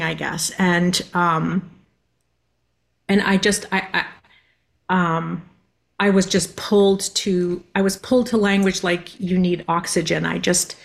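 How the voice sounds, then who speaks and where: Hesitant woman with many pauses. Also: on the low side, creaky. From Massachusetts. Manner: hesitant, many ums and restarts. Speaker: guest, linguist. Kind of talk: radio interview answers.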